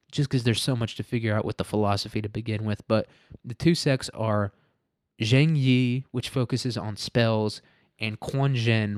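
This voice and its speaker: A man's voice: lowish voice, a little mellow, dry recording. Guy rambling on his podcast, cussing and joking, dead dry sound. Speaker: podcast host. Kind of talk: casual podcast monologue.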